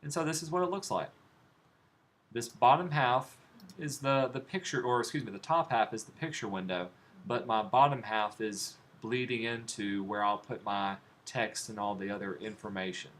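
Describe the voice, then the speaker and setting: A man's voice: medium pitch, moderate pace. A man teaching a design class, demonstrating steps on a computer as he goes and asking his students questions. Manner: relaxed, talks while clicking through steps, asks students questions. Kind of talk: live classroom software demonstration. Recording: faint background noise.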